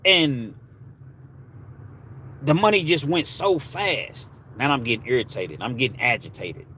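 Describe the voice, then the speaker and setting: A man with a bright, forceful, medium-pitched voice speaks a little slowly while hosting a live stream. He chats casually with viewers and tells stories in a relaxed, slang-heavy way, and there's a little hiss or hum.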